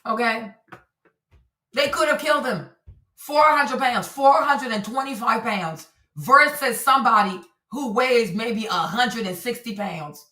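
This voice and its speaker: Animated woman streamer in echoey room. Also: fairly high pitch, a little slow, distant mic. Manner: animated, repetitive, talks to her audience. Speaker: streamer commentator. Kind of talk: livestream commentary. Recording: roomy echo, voice a bit off-mic.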